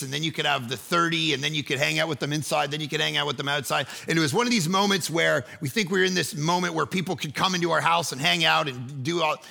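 A man preaching a sermon, telling a story that he acts out with energy and sometimes shouts. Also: medium pitch, creaky. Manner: lively storyteller who acts out scenes, rising to shouts. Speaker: pastor.

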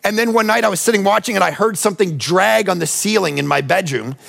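A man's voice: sits high, fast, vocal fry, fairly bright tone. A man preaching a sermon, telling personal stories in a conversational, emphatic way and often turning to address his listeners directly. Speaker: pastor.

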